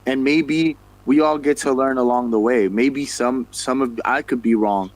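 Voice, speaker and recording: A man's voice: mid-range voice, steady tone, moderate pace, low-quality recording. A man in a mid-range voice speaks earnestly in a casual online conversation. He rambles and restarts his sentences as he thinks aloud. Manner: earnest, rambling, self-correcting. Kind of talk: casual chat.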